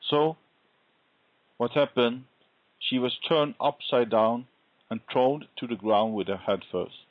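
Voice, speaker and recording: A man sharing a faith testimony in an interview, telling his story earnestly and deliberately. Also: mid-range voice, no echo. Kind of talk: conversational interview, personal testimony. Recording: dull lo-fi recording.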